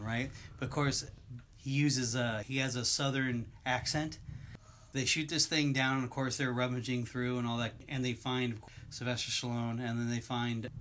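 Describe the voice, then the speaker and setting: A man's voice: medium pitch, fairly bright tone, a little hiss or hum. A man co-hosting a podcast in casual chat, rambling and going off on long tangents. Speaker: podcast co-host.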